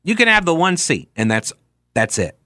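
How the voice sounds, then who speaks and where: A man hosts a political talk show in a slightly high voice. He talks casually with a sarcastic edge and drifts into asides as he reads listener messages. The sound is close and dry, with no room around it. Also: sing-song, normal speed, pushed and bright, no echo. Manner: sarcastic, conversational, with frequent asides. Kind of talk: casual political commentary and reading listener tweets.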